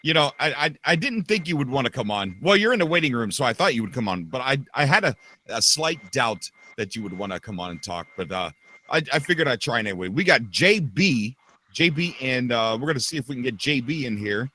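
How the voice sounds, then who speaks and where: A man hosting a casual live podcast, excitable and quick to raise his voice. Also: medium pitch. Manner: excitable, animated, quick to shout. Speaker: podcast host. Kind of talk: casual livestream chat.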